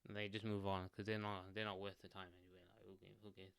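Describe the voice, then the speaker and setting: His voice sits low, fast and gravelly yet clear, with a resonant tone. Sitting in a chair, the man rambles through casual solo self-help advice into a desk microphone, relaxed, with many fillers, restarts, and "like."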